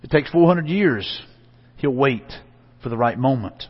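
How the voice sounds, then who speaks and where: A man pastor preaching a conversational sermon in a church, repeating phrases and letting line endings drop soft. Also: mid-range voice, lively intonation, unhurried, slightly rough. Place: church sanctuary. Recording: dull, reverberant church hall recording.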